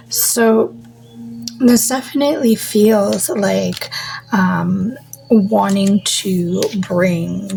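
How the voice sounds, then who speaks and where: A woman giving a casual tarot reading, musing slowly, trailing off with fillers and slipping into soft near-whispers. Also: mid-range voice, creaky, poor audio. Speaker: tarot reader.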